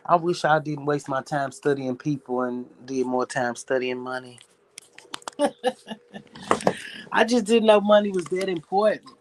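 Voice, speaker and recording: A man's voice: on the high side, normal speed, hardly any pauses, noisy background. A man with a Southern US accent, talking in a rambling, profane, reflective casual monologue as a streamer.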